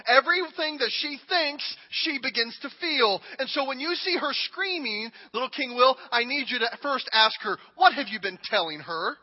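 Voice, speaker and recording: A man preaching a sermon and acting out a king speaking, dramatic and emphatic, moving between hushed lines and shouting. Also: very high-pitched. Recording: long hall reverb, dull audio.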